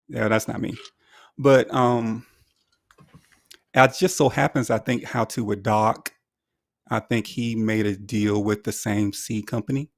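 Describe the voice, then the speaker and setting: A man's voice: lowish voice, dry recording, studio quality. A man, a guest on a casual podcast, talking in a rambling way with many fillers and self-corrections. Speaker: guest lawn owner.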